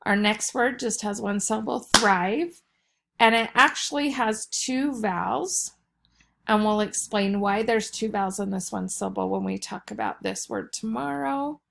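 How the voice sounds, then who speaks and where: A woman teacher talking through a recorded vocabulary lesson for young students. She explains each word slowly and patiently, at an everyday middle pitch. A gravelly fry runs under her voice. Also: fairly bright tone.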